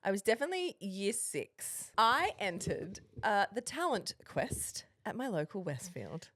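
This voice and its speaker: A woman in her thirties co-hosts a podcast, chatting casually and telling stories as an animated narrator who laughs a lot. Her mid-range voice moves a little slowly, with a bit of hiss or hum in the background.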